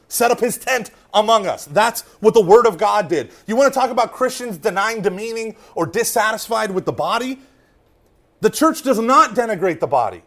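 A Catholic speaker with a high voice gives a lively faith talk to a room of listeners. He swings between loud emphasis and hushed asides, often checking in with "right?"

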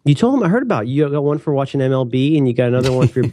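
A man in his thirties co-hosting a podcast, chatting casually in a rambling, animated way. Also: medium pitch, racing, no room sound, clean studio sound. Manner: rambling, self-interrupting, animated. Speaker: podcast co-host. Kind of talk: casual chat.

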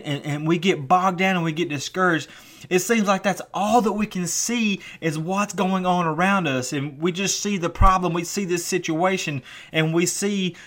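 A man with a somewhat high voice delivers a sermon in an earnest, building way. He often repeats words as he presses his point. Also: a bit bright. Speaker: preacher.

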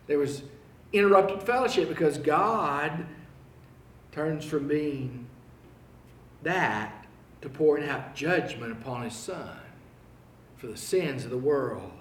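A male preacher delivering a sermon, swinging between loud, emphatic proclaiming and hushed, pleading appeals. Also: on the high side, expressive, slow pace, reverberant, far from the mic.

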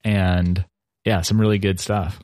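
A man's voice: deep voice, little pitch movement, a little slow, a little mellow, dry recording, studio quality. A man co-hosting a podcast in casual chat, joking and sarcastic. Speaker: podcast co-host.

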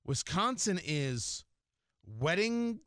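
A man hosting morning talk radio, his voice sitting a little high and swinging widely up and down as he rambles and jokes. He stumbles through fillers and restarts and keeps a loose, chatty tone. The sound is close and dry, straight into a studio mic. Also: big pitch swings, drawn-out words, a bit bright, dry recording. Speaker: radio morning show host. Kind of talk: casual talk radio chat.

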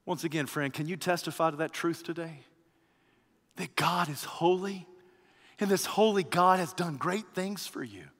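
High bright-voiced male preacher, reverberant hall. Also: normal speed. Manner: swings between loud rising exhortation and hushed low reflection; addresses listeners as friend, repeats phrases. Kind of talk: sermon.

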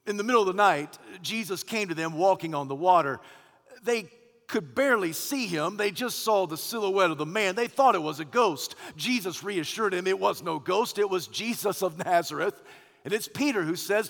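A pastor preaching a sermon, his voice high for a man and gravelly, with a long reverb trailing behind it in a big room. He swings between ringing, loud declarations and low, hushed lines. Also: animated, moderate pace.

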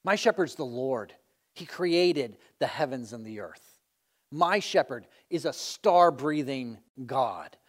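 A man doing a bragging boastful sheep. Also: fairly high pitch. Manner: boasting, emphatic, louder. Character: boastful male sheep bragging about his shepherd.

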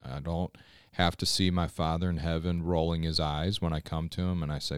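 A man's voice: sits low, flat delivery, moderate pace, clear, resonant tone, no room sound, clean studio sound. A man, a pastor, giving an earnest, conversational scripture devotional on a podcast and often checking in with listeners.

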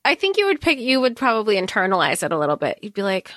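A woman co-hosting a podcast, animated and casual as she discusses a book, with quick asides and swearing. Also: medium pitch, no room sound, studio quality. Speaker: podcast co-host.

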